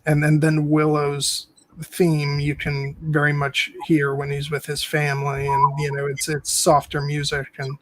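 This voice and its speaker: A man's voice: on the high side, completely flat delivery, a little slow, a bit bright, slight background noise, low-quality recording. A man co-hosting a film podcast in casual chat, hesitant and full of fillers and restarts.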